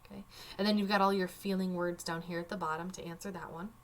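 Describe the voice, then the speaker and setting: A woman's voice: fairly low pitch, fairly even intonation, fast talker, a little hiss or hum. A woman teacher walking through a Spanish worksheet on her screen, casual and chatty with wry asides. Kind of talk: screen-recorded worksheet walkthrough.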